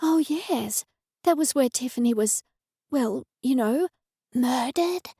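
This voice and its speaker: A woman voicing a stressed middle-aged waitress who talks in a hushed, confiding way. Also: sits high, lively intonation, takes it slowly, gravelly, slightly rough, no echo, studio quality, exaggerated voice.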